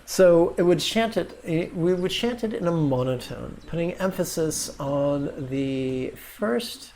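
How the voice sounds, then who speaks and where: Slow, gravelly male meditation teacher. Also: a little high, expressive, a little mellow. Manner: slow and wry, with playful asides. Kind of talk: video lesson.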